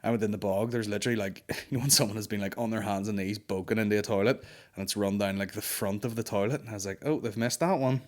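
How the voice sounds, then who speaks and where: A man with a fairly low voice hosts a comedy podcast. He tells a story as an animated, exasperated rant and swears constantly. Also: fast. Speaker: podcast host.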